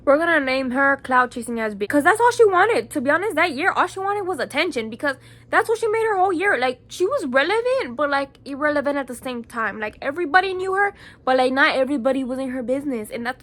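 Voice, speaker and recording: A woman's voice: high-pitched, expressive, fast, fairly bright tone. A young woman with a Chicago accent telling a heated, profane storytime vlog, packed with "like" fillers. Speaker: vlogger.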